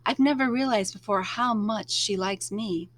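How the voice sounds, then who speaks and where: A woman reading a novel aloud, narrating in the first person at a measured, expressive pace. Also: mid-range voice, a little hiss or hum. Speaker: read-aloud storyteller.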